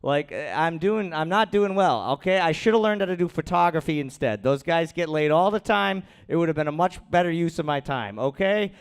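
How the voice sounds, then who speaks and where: A man's voice: a little high, animated, fairly quick, hardly any pauses, clear, resonant tone. A man doing a crude, rambling, self-deprecating stand-up set at an open mic in a small comedy room, speaking into a handheld stage mic.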